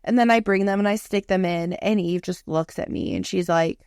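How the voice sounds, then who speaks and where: A woman in her thirties co-hosting a podcast, chatting candidly with lots of swearing and animated storytelling. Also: mid-range voice, brisk, hardly any pauses, dry recording, clean studio sound. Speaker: podcast co-host. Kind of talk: casual chat.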